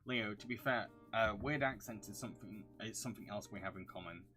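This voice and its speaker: A young man from the north of England, his voice sitting on the low side, chats loosely through viewer questions on a livestream. He rambles and hums little filler syllables between answers. Faint music plays softly behind him. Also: brisk. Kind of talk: casual livestream Q&A.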